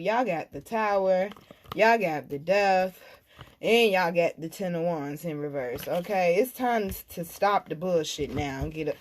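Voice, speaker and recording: A woman giving a tarot reading in a casual, blunt and profane way, telling animated stories and speaking. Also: lowish voice. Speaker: tarot reader.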